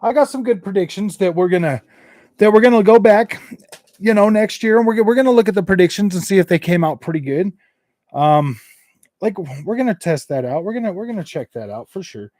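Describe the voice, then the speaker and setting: A man's voice: high-pitched, lively intonation, fairly quick, a little mellow, dry recording, studio quality. A man hosting a casual gaming livestream, rambling, repeating himself and laughing between thoughts. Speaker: gaming channel host.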